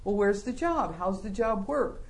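A middle-aged man giving a sermon-style Bible lesson, animated and joking, full of rhetorical questions. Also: high-pitched, unhurried, vocal fry. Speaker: Bible class teacher.

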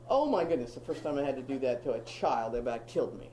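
A woman's voice: extremely low pitch, expressive, fast talker, hardly any pauses, mellow, slight background noise, poor audio. Emphatic woman teaching a Bible study. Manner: emphatic, repeats phrases, humorous asides. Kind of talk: teaching talk to a group.

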